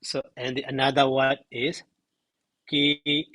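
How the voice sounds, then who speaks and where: Man, grammar teacher, halting speech, counts syllables aloud, dry sound. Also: mid-range voice, flat delivery, pushed and bright, no room sound, rough recording. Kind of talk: spoken lesson.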